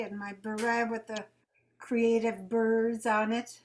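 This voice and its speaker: Wry, slow woman with a higher voice. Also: fairly even intonation. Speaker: workshop participant. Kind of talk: sharing in a group.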